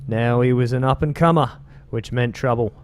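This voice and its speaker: A man's voice: medium pitch, normal speed, slight background noise, lightly acted. A man voicing a male street gang member telling tales in an attempted British accent, reading game lore aloud in a slangy, loose delivery. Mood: storytelling.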